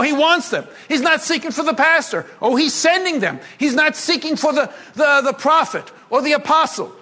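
A man preaching a sermon to a congregation, animated and humorous, moving between emphatic and hushed delivery. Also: very high voice. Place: congregation gathering.

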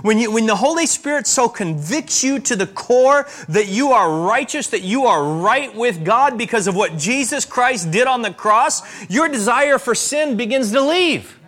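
A man preaching a sermon as a pastor, with emphatic rises and slow, stressed repetitions. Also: very high-pitched, expressive, a bit bright.

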